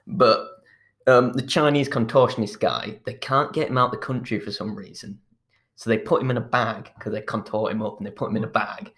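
A man's voice: on the low side, normal speed, a bit bright. A man in casual chat, retelling a film plot in a rambling way, restarting his sentences and chuckling as he goes. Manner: rambling, restarts often, chuckles while telling.

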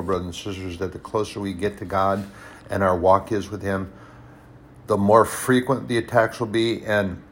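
A man preaching a sermon, telling personal stories, swinging between hushed and loud, emphatic passages. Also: lowish voice, a little hiss or hum. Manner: storytelling, personal anecdotes.

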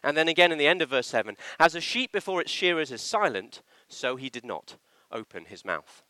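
In a church, a male preacher delivers a sermon a little fast, his pitch lifting and dropping with lively movement. His tone is bright and slightly sharp, recorded close and dry with almost no room echo. He's animated and emphatic, hitting his points hard and acting out short quotations.

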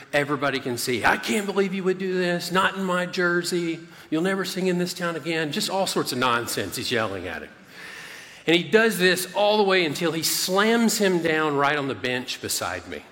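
A male pastor preaching a sermon as an animated storyteller who keeps checking in with his listeners with a quick "okay?". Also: fairly high pitch, long reverb tail.

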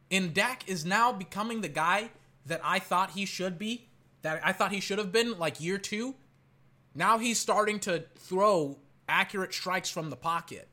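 Excitable male fan doing live game-reaction commentary; high, bright, exclamatory, rambling.

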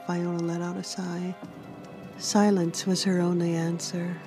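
A woman author reads her own fantasy story aloud. Her voice sits a little low and her pace is very slow. The reading is gentle and unhurried. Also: level tone, over music. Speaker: author and narrator. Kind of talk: storybook narration.

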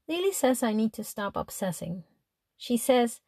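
A woman's voice: on the high side, expressive, normal speed, gravelly, dark tone, dry recording, studio quality. A woman narrating a teenage girl's diary in the first person, chatty and exasperated. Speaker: audiobook narrator.

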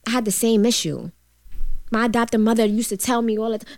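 A woman in a candid chat who presses others with pointed questions and grows softer and quieter when she tells a personal story. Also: on the high side, fairly even intonation, brisk, no echo, clean studio sound. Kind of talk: emotional casual chat.

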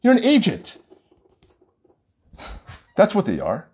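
A man's voice: sits high, huge pitch swings, takes it slowly, darkish tone, a little hiss or hum. A man who works as a wedding vendor, talking straight to brides in an outspoken, heated rant that repeats points for emphasis. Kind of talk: ranting direct-to-camera vlog.

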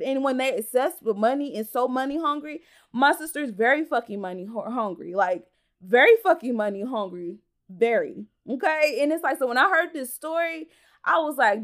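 A woman with a high voice hosts her podcast in a loose storytime style. She swears constantly and speaks directly to her listeners as y'all. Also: fairly quick. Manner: profane, animated, talks straight to listeners as y'all. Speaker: podcast host. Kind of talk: casual storytime rant.

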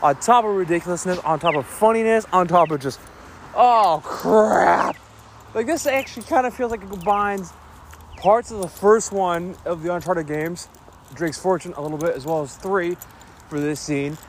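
A man recapping a film in a casual, rambling way, an excitable fan with many fillers. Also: high-pitched, moderate pace, slight background noise. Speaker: video creator recapping a film. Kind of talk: casual movie recap and reaction.

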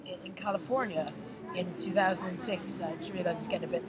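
A man's voice: high voice, fairly even intonation, fast, over a noisy crowd. An Irish man co-hosting a podcast, chatting casually and telling anecdotes with acted-out quotes. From Ireland. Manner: chatty storyteller, acts out quoted exchanges. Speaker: podcast co-host. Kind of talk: casual chat.

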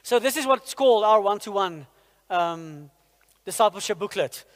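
A man preaching a sermon in a church, energetic and firing rhetorical questions at the congregation. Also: sits high, moderate pace. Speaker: pastor. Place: church hall. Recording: long hall reverb in a church.

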